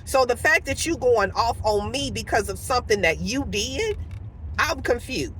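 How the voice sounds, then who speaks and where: A woman tells a heated story from her car, her voice high and bright and swinging all over. She acts out each exchange with dramatic emphasis. Faint road and cabin noise hums behind her. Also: normal speed, low-quality recording. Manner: animated storytelling, acts out quotes. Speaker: vlogger. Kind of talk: casual storytime vlog.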